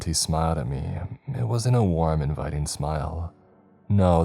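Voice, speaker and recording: Deep, dark-voiced male horror narrator. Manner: measured, dramatic first-person reading. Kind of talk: scripted narration.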